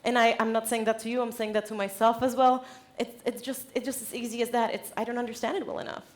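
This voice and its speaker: Lively woman giving a keynote. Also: fairly high pitch, quick pace. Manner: lively, direct, laughs often. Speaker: conference speaker. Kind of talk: conference keynote talk. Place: stage at a conference event.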